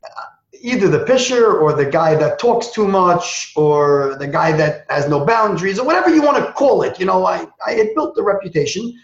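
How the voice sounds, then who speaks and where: A man telling a personal story as an interview guest, acting out the dialogue in quick, animated bursts. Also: sits high. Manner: acts out quoted dialogue, talks in quick bursts. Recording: echoey, dull lo-fi sound.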